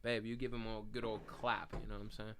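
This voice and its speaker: A man's voice: fairly low pitch, brisk, background noise. A man co-hosting a podcast in casual chat, telling stories loosely and swearing constantly. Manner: profane, animated storytelling. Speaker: podcast co-host.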